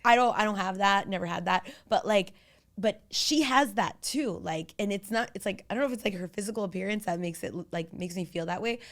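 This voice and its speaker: A woman's voice: medium pitch, a little fast, fairly bright tone. A woman in her thirties co-hosting a podcast in casual chat, talkative and filler-heavy, often quoting herself. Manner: chatty, quotes herself, frequent "like". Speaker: podcast co-host.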